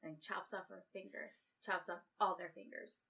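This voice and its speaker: A woman's voice: mid-range voice, steady tone, moderate pace, vocal fry, pushed and bright. A woman co-hosting a casual podcast, retelling a movie plot in a rambling way and acting out the characters' lines. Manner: rambling plot recap with acted-out quotes. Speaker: podcast co-host. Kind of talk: casual chat.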